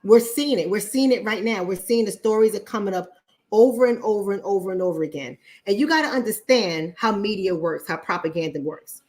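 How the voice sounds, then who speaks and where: A woman's voice: medium pitch, expressive, brisk, a little mellow. A woman hosting a casual livestream chat, talking bluntly to her viewers with frequent profanity and repeating points for emphasis. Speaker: online talk show host.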